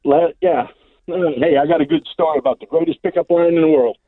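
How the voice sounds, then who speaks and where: A man's voice: a little high, steady tone, fast talker, no echo. A man calling in to a radio talk show, telling a long rambling joke full of fillers and repeated "he says". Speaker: caller. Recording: phone line.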